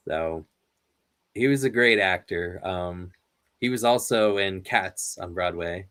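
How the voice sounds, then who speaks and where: Male host, unhurried, giggly storyteller, casual interview chat. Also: sits low, a bit bright, clean tone. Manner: rambling, laughs often between stories.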